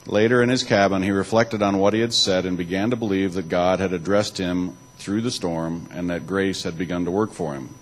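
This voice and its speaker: A man's voice: deep voice, steady tone, fairly quick, few pauses, low-quality recording. A man giving a church talk, alternating between reading aloud and loose spoken asides, with occasional restarts. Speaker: church speaker.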